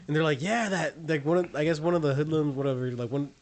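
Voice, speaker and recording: A man who is a guest on a podcast, talking casually and haltingly with many restarts and fillers. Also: a little high, darkish tone. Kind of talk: casual chat.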